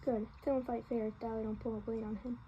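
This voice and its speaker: A woman's voice: fairly high pitch, flat delivery, fast talker, lo-fi sound, noisy background, close to an everyday voice. A woman voicing a cocky, wisecracking teenage boy from a street gang, in a joking, cheerful manner while reading a novel aloud.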